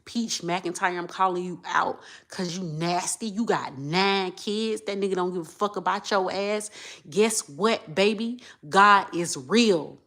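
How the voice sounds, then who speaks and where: Impassioned woman ranting. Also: unhurried. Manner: impassioned, repetitive, swings between low muttering and loud outbursts. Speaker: vlogger. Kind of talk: emotional monologue to camera.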